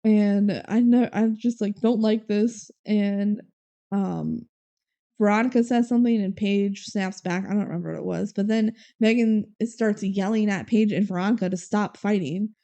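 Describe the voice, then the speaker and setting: Her voice is mellow and mid-range. As a podcast co-host, she gives a casual movie recap, slipping into quick character voices for quoted lines and laughing along the way.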